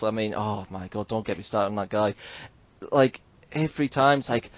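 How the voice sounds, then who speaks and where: A man's voice: mid-range voice, brisk, no room sound, muffled recording. A man, hosting a casual podcast and telling a story animatedly, swearing and mimicking others. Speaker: podcast host.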